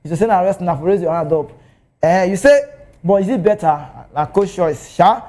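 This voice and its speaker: A man with a Nigerian accent talking football as a TV pundit, animated and excitable. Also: normal speed. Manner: animated, excitable, swings pitch. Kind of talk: TV football commentary in Pidgin. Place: TV studio.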